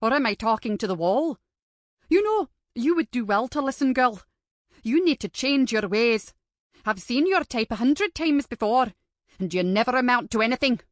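A woman's voice: on the high side, lively intonation, normal speed, no echo, clean studio sound, lightly acted. A woman voicing a spiteful, bullying older female teacher with a stern, contemptuous way of scolding.

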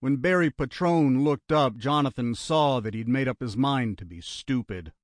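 A man narrating a thriller audiobook in a steady, even voice on a close studio mic. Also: mid-range voice, normal speed, no room sound.

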